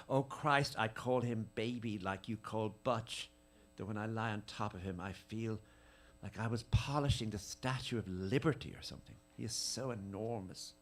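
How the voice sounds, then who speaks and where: Man, very deep voice, dramatic letter reading, intimate, lingering, live event. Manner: intimate, measured, lingering delivery. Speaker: reader at a tribute reading.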